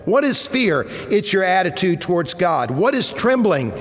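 A man in his fifties preaching a sermon, earnest and measured, his voice swelling at points of emphasis. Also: high voice, very animated. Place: church sanctuary. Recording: long reverb of a church hall.

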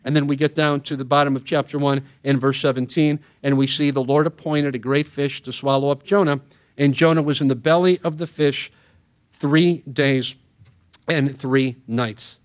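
Pastor preaching, slightly high voice. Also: male voice, little pitch movement. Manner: reads scripture aloud quickly, then preaches with earnest emphasis. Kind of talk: sermon with scripture reading.

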